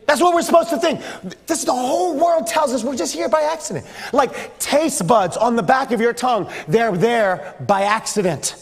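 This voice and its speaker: A man with a strikingly high voice preaches to a youth group, teasing and acting out sounds for laughs. His voice rings with the long reverb of a church hall. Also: normal speed, creaky. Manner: playful, joking, acts out sounds. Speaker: pastor. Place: church sanctuary.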